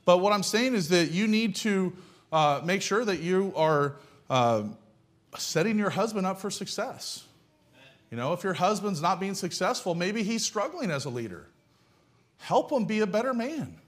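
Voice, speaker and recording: A man's voice: high voice, sing-song, moderate pace. A man preaching a sermon in a blunt, folksy way, firing off rhetorical questions. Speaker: pastor.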